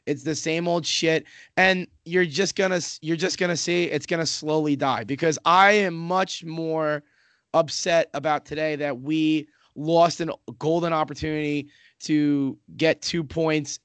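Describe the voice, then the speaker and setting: A man's voice: on the high side, fairly even intonation, measured pace, fairly bright tone, clean tone, no room sound. A man talking hockey as a fan, rambling and swearing, with many restarts and fillers. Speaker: Islanders fan in a hockey podcast discussion. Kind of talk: casual hockey chat.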